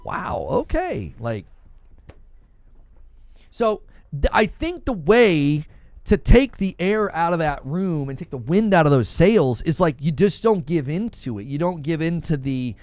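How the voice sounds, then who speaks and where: A man's voice: a little high, expressive, unhurried, a little mellow, no room sound. Exasperated man ranting in a dry room. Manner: exasperated, repetitive, conversational ranting. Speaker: gaming news host. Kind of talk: casual opinion commentary.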